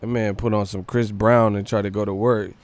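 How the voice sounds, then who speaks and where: A man's voice: lowish voice, level tone, fairly quick, faint music behind. A man hosting a livestream, casually reading comments aloud in a profane, slangy way, often breaking into laughter. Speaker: livestream host.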